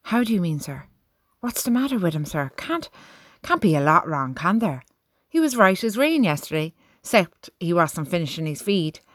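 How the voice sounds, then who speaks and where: A man's voice: sits high, big pitch swings, moderate pace, fairly bright tone, dry recording, studio quality, exaggerated voice. A woman voicing an anxious young male soldier who pleads urgently. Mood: pleading.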